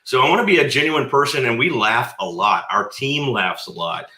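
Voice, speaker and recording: A man's voice: mid-range voice, animated, sharp tone, roomy sound. A man co-owning a knife company, chatting casually and joking on a livestream. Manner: chatty, joking, quick to laugh.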